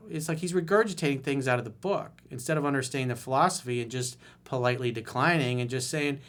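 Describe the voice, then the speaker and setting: A man's voice: mid-range voice, fast talker, few pauses, fairly bright tone. A man working as a dating coach who reads viewer emails aloud and gives blunt, exasperated commentary on them.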